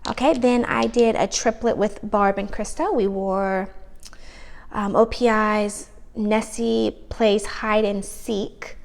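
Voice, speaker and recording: A woman's voice: mid-range voice, steady tone, takes it slowly, vocal fry. A woman casually gushing over her manicures in a show-and-tell vlog, chatty and trailing off mid-thought. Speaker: nail polish vlogger.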